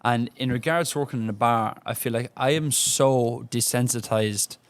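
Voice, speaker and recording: An Irish man co-hosting a podcast, telling a bar story in a casual, even-keeled way. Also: medium pitch, normal speed, dry recording. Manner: even-keeled, level energy. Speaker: podcast co-host and bar worker.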